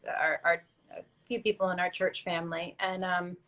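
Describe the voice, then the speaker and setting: A woman guest, tearful and earnest, telling her story in halting, faith-driven speech. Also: lowish voice, level tone, fairly bright tone, poor audio. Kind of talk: emotional personal interview.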